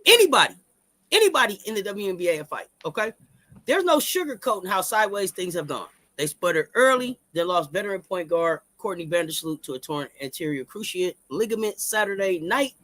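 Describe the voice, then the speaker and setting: A man co-hosting a live-stream sports talk show, hyped and repetitive, shouting out the chat and stumbling through restarts. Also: sits high, expressive, brisk.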